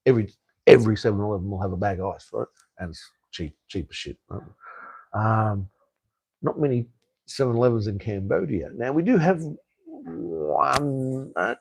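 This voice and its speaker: A man's voice: lowish voice, gravelly, darkish tone, slightly rough, no room sound. Blunt, rambling Australian man. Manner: rambling, blunt, swears freely, many restarts. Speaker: live stream host. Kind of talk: casual live-stream chat.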